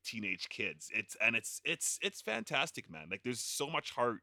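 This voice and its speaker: Bright, enthusiastic male podcast host. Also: medium pitch, normal speed, creaky, no room sound, studio quality. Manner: enthusiastic, animated fan talk. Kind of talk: casual chat.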